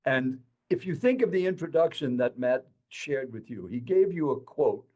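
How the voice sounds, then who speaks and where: A man in his eighties telling his life story to an interviewer in an animated, dramatic way. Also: medium pitch, normal speed, highs cut off. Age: 80s. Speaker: guest speaker.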